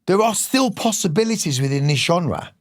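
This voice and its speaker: A middle-aged musician from the West Midlands, England, swears freely as a guest in a casual interview chat. His voice sits high, with lively intonation at a moderate pace, and he comes across as rambling and passionate. The sound is clean studio quality with no echo.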